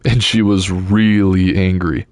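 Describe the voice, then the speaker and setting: A man reading a novel aloud in a steady storytelling voice. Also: low voice, takes it slowly, dry recording, clean studio sound. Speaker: audiobook reader.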